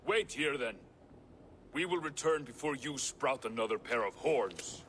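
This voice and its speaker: A weary young outlaw who speaks earnestly and a little haltingly. His voice is mid-pitched. Game audio with clear background noise and hoofbeats sits behind him. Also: lively intonation, a bit bright. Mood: uneasy earnest. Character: weary young man fleeing his old gang. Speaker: video game character.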